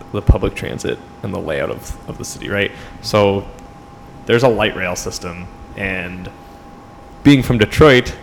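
A man's voice: fairly low pitch, long reverb tail, a little hiss or hum, low-quality recording. A young man from New York co-hosting a podcast, chatting casually and joking. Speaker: podcast co-host. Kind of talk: casual chat. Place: rented apartment room.

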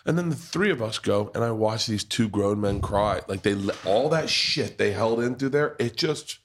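A man's voice: lowish voice, a little fast. A man hosting a podcast in a pub, telling rambling, profane family stories in casual chat. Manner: rambling storyteller, swears freely. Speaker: podcast host.

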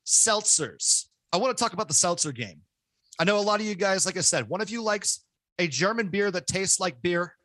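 A man hosting a casual podcast chat, loud and excitable, joking at his own expense into his microphone. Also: sits high, no room sound. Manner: loud, excitable, self-mocking. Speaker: podcast host. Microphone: home podcast microphone.

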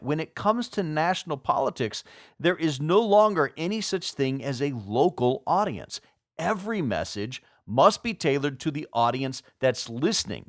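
A man hosting a podcast as a PR consultant, explaining politics in a measured way and posing rhetorical questions. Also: a little high, no echo, clean studio sound. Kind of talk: scripted podcast commentary.

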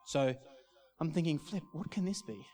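Aussie guy preaching, tells a story, stumbles and repeats words, voice on the higher side. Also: animated, normal speed, darkish tone. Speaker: pastor. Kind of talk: sermon.

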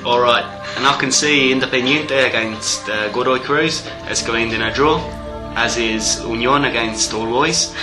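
A man reading out football predictions in a put-on Australian accent, in a breezy, quick listing manner. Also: medium pitch, echoey room, music in the background, natural voice, poor audio.

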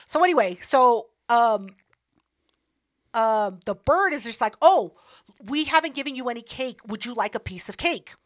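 Profane, animated woman telling a story. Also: on the high side, normal speed, dry recording. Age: 30s. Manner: profane, animated, acts out other people's lines. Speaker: podcast host. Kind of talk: casual storytelling chat.

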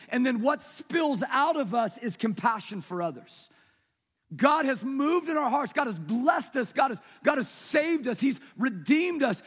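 A man preaching with a strikingly high, husky voice. He talks to his congregation like a conversation, asking them questions and dropping to a near hush to make a point. His voice rings with the long reverb of a big church hall. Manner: conversational preaching, asks the congregation questions, drops soft for emphasis. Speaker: pastor. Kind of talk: sermon.

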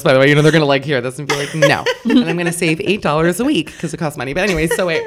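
A woman in her forties chats as a podcast guest, telling comic stories with a lot of animation. Her voice sits on the low side, and she swears and laughs as she talks. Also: very fast, hardly any pauses. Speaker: comedian guest. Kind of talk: casual podcast chat.

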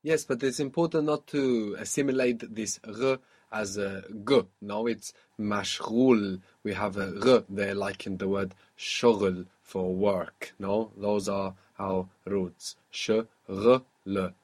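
A man teaching a one-on-one spoken language lesson, patiently explaining and modelling words slowly. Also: fairly low pitch, steady tone, darkish tone.

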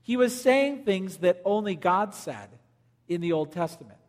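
High-voiced male preacher in a reverberant hall. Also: lively intonation, a little slow. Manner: preaching with swings between loud emphasis and quiet low lines. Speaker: pastor. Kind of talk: sermon.

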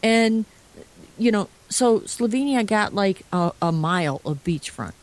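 A woman co-hosting a casual podcast chat, animated and swearing freely, with many restarts. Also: medium pitch, a little slow. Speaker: podcast co-host.

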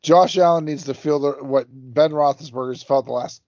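A man's voice: on the high side, normal speed, darkish tone, no room sound. A man co-hosting a podcast, chatting casually about sports with wry, offhand remarks. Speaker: podcast co-host. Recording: dull lo-fi podcast audio, dry.

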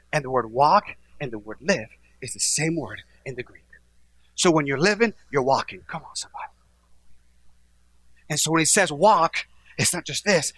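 Male pastor, middle-aged, bright cutting voice, exhortative sermon delivery, big swings from hush to shout. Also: fairly high pitch, husky, no echo. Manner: preaching with call-and-response exhortations.

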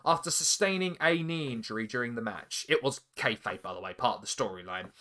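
A man hosting a podcast, recapping in a casual way with animated storytelling, swearing freely and laughing often. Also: medium pitch, fairly quick. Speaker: podcast host.

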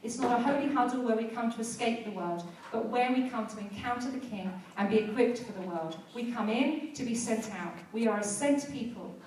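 Lady preacher telling stories then getting fired up, kinda high voice, big echoey church mic from a ways off. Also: a little fast, few pauses, darkish tone, slight background noise. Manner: conversational storytelling, rising to fervent exhortation. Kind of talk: sermon with prayer. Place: church hall. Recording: very echoey church hall, heard from a distance.

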